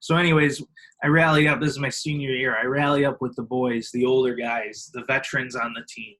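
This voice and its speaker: Heard through a low-quality recording, a young man's medium-pitched voice runs a little fast. He's in his twenties, from Illinois, and appears as a podcast guest, animatedly and casually recounting stories, playing other people's voices, laughing often and packing in fillers.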